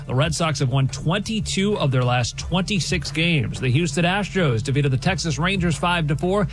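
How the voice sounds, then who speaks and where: A man reading a brisk rundown of sports scores for radio. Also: on the high side, lively intonation. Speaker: radio news update anchor. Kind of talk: sports news update.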